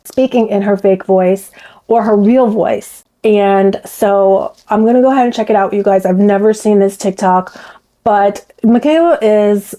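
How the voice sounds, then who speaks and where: A commentary vlogger with a warm, mid-range voice takes her time as she chats to viewers over poor audio. She's talkative and gossipy in this casual chat, addressing them as "you guys."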